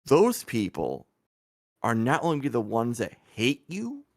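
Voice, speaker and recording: A man's voice: on the low side, vocal fry, dry recording, studio quality. A man on a live stream, scolding and lecturing someone with repeated pointed questions. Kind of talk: casual live-stream commentary.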